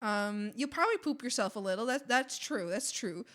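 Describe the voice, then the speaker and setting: Woman streamer: high, bright voice, giggly and playful, rambles through casual chat with restarts. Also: lively intonation, moderate pace. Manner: giggly and playful, laughing often. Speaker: art streamer.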